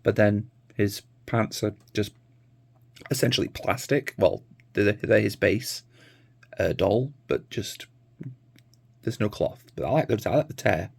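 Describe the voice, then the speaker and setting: A man's voice: lowish voice, unhurried, creaky, pauses often, breathy edge. A tired man, chatting casually to camera in a rambling, easygoing vlog. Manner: rambling, easygoing, many fillers. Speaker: vlogger.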